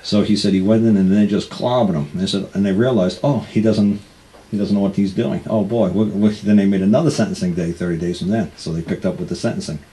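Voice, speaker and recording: A man's voice: on the low side, fairly even intonation, fast talker, dark tone. A man hosting a talk show, telling rambling anecdotes and acting out what other people said, often laughing. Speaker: radio show host. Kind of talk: casual storytelling.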